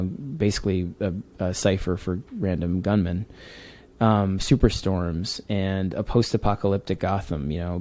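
A man's voice: low-pitched, mellow. A man, a comic book writer, talking earnestly and rambling in a casual interview. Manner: earnest, rambling, with many restarts.

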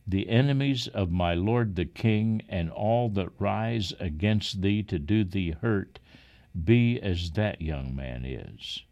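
A man's voice: low voice, animated, slow, vocal fry, darkish tone, muffled recording, heavily acted. Grave royal courier, read by a man. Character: solemn male royal courier.

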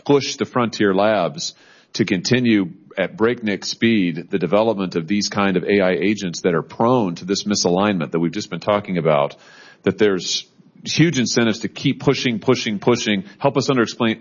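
A man chairing a formal hearing who questions witnesses in halting speech full of restarts. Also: lowish voice, dull audio.

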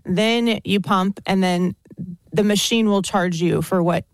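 A woman's voice: medium pitch, unhurried, no room sound. A young American woman, a podcast guest, chatting casually with frequent laughs and restarts. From United States. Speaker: podcast guest, content creator.

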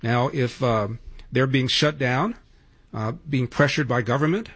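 A man's voice: medium pitch, measured pace, a bit bright, slightly rough. A male radio talk show host giving opinionated, sarcastic political commentary and taking calls.

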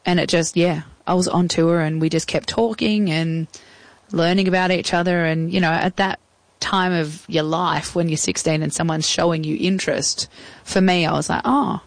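A woman's voice: fairly low pitch, fairly even intonation, moderate pace, dry recording, poor audio. A woman in her thirties with an Australian accent, chatting as an interview guest and acting out old phone calls in quoted voices. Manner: chatty, acts out past conversations in quoted voices. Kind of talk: casual storytelling in an interview.

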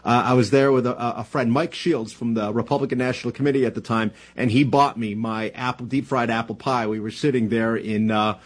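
A man's voice: medium pitch, steady tone, slightly rough. A man from New Jersey, a political commentator talking casually in a radio interview, with lots of fillers and restarts. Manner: halting, many fillers and restarts.

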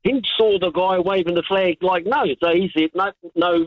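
A man, calling in to a radio show and telling an animated anecdote full of restarts and chuckles. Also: high voice, moderate pace, dry recording. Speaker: caller. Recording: dull, lo-fi line.

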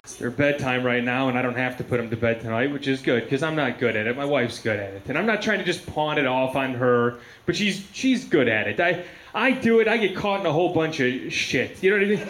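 A man's voice: medium pitch, lively intonation, brisk, a bit bright. A man doing stand-up in a loose, rambling way, repeating words as he goes. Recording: echoey room with faint noise.

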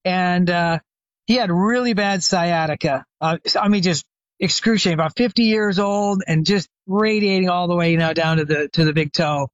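A man's voice: high-pitched, normal speed, dry recording, dull audio. Older man telling a rambling story. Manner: rambling anecdotal telling with many fillers and restarts. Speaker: retired chiropractor, guest expert. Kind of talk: conversational storytelling interview.

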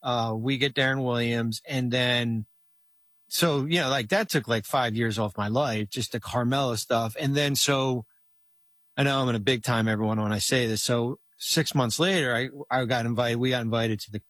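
A man's voice: mid-range voice, normal speed, a bit bright, dry recording. A middle-aged man telling a long story in casual chat as a guest, rambling with many restarts and fillers.

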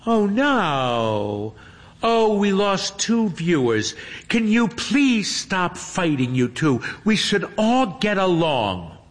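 Man doing a high sing-song young witch streamer. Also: sing-song, slow pace, in a large hall, exaggerated voice. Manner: bright sing-song coaxing. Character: cheerful young female wizard livestreamer.

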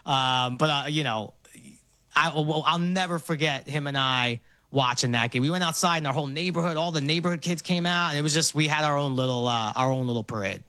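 Bright-voiced Brooklyn man telling stories. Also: fairly high pitch, no room sound. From Brooklyn, New York. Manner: animated storytelling, quick laughs. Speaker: guest. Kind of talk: casual interview chat.

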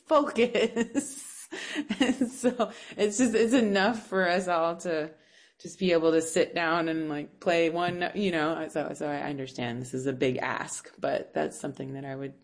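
A woman's voice: low-pitched, steady tone, normal speed. A woman, a music teacher and composer, answering interview questions in a thoughtful, searching way, with many restarts and fillers. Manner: laughs now and then.

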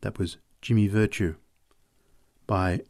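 A man reading short stories aloud in a measured storytelling manner. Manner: measured storytelling, lively pitch. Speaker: reader. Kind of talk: audiobook narration.

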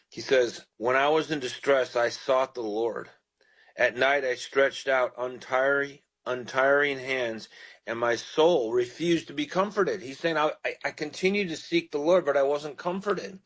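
A man's voice: mid-range voice, poor audio. A man hosting a radio sermon, reading scripture and praying, earnest and pastoral as he speaks directly to listeners. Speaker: radio preacher.

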